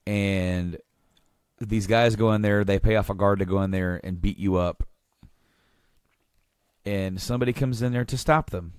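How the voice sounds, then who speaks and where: A male podcast host talks in a low voice, rambling and enthusiastic with frequent restarts. It is easy casual chat. The sound is dry and close to the mic. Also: fairly even intonation, moderate pace, pauses often, darkish tone, smooth, no room sound.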